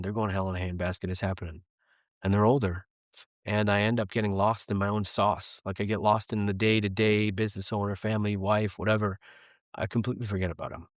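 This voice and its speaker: A man's voice: on the low side, dry recording, clean studio sound. A man in his thirties, a podcast guest talking candidly and earnestly about faith and family. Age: 30s. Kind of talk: casual faith conversation.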